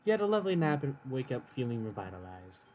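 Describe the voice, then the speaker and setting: A man's voice: medium pitch, sing-song, fast, a little mellow, a little hiss or hum. A man co-streaming a game, reading its text aloud and trading giggly, playful teasing with his partner. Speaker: let's play co-streamer. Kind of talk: casual gaming banter and reading game text.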